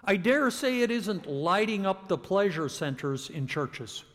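Speaking in a church sanctuary marked by long reverb, a male pastor delivers a sermon, first leading a prayer and then preaching with mounting emphasis. His voice sits high and is fairly bright, with big pitch swings and an unhurried pace.

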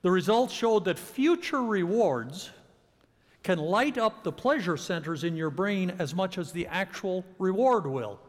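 A man's voice: high-pitched, expressive, measured pace. A male pastor delivering a sermon, leading a prayer and then preaching with rising emphasis in a church. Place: church sanctuary. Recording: long church reverb.

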